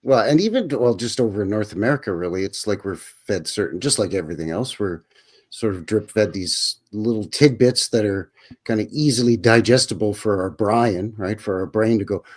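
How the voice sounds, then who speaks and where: A man's voice: fairly low pitch, normal speed, a little mellow. A man from Alberta with a Canadian accent co-hosting a casual, joking chat. He keeps leaning on "you know" and "right". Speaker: podcast co-host.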